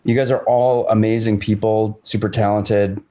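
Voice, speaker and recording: A lower-voiced man speaks over a video call during a panel, his thoughts coming in halting, earnest pieces. He sounds choked up and keeps fighting to hold it together. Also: level tone, dark tone. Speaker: actor on a reunion panel. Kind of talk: casual panel chat.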